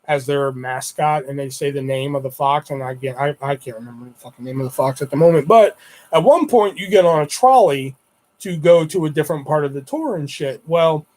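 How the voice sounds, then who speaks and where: A man telling casual stories on his livestream. He rambles and swears constantly in a voice that sits somewhat high for a man. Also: animated, a little fast, darkish tone. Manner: rambling and heavily profane. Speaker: livestream host. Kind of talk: casual storytelling chat.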